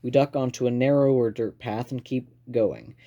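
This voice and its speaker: A man reading a first-person novel aloud in a calm, measured storytelling manner. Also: medium pitch, dull audio. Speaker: reader.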